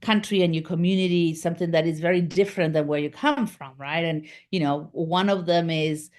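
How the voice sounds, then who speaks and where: A woman's voice: fairly low pitch, fairly even intonation, a little fast, a little mellow. A middle-aged woman from Argentina with an Argentine accent, a guest telling her story in a casual interview, rambling with many fillers and restarts. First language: Spanish. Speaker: guest, communications business founder.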